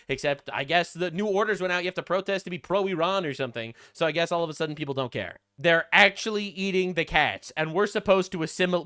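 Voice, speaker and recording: A man's voice: on the high side, pushed and bright. A young man hosting a reaction video, cracking crude, sarcastic jokes about news clips. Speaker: commentary host. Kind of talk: reaction commentary.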